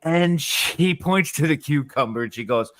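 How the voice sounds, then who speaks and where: A man's voice: a little high, animated, a little slow, a bit bright, dry recording, faint music behind. A man co-hosting a live panel show in casual, profane, rambling chat, laughing often. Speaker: podcast co-host.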